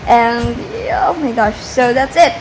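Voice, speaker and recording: A woman's voice: a little high, expressive, measured pace, slight background noise, low-quality recording. A woman book vlogger chatting casually and a little hesitantly about a book she is reading, rambling as she thinks aloud. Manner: hesitant, rambling, soft-spoken. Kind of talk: casual reading vlog chat.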